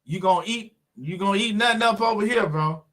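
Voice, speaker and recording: Bright high-voiced male stream host. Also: a little fast. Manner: laid-back, talks to viewers, fills with "man" and "you know what I'm saying". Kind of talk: casual live stream chat.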